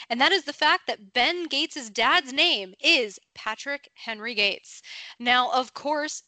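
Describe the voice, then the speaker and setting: A woman's voice: high-pitched, bright, forceful tone, no echo. A young adult woman co-hosting a casual podcast, explaining facts in a friendly, informative way and laughing easily. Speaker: podcast co-host.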